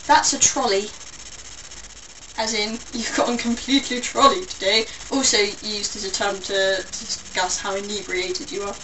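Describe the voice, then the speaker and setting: A woman's voice: mid-range voice, steady tone, moderate pace, sharp tone, recorded from a distance, slight background noise, poor audio. A young English woman with a mixed London and Somerset accent, rambling through a casual vlog with playful, self-mocking asides. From England. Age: young adult. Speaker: vlogger.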